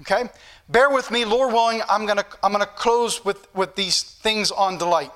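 A man preaching an evening sermon, teaching the congregation earnestly and slowing down to read scripture aloud. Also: fairly bright tone. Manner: slows down and rises in pitch when reading scripture aloud; earnest, repetitive teaching delivery.

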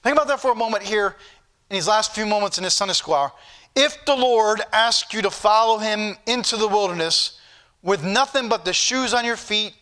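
A man's voice: high voice, pushed and bright. A man preaching a Sunday school sermon, earnest and rising to fervent questions, with old-fashioned scripture phrasing.

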